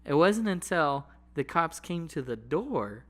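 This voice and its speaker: A man's voice: on the high side, big pitch swings, a little slow, fairly bright tone. A young man co-hosting a podcast, laid-back and teasing as he disputes his friend's memory. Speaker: podcast co-host. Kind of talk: casual chat.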